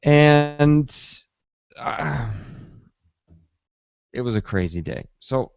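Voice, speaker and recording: A man hosting a casual tech podcast who tells his story in a lively way and acts out his own reactions. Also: a little high, extremely slow, vocal fry. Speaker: podcast host. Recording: dull, slightly lo-fi dry sound.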